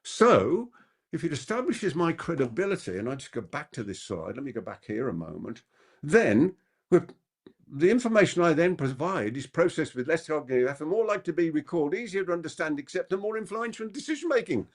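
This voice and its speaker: A man giving a live masterclass on persuasion as a trainer. He talks quickly and keeps asking the audience rhetorical questions. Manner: animated, with big pitch swings.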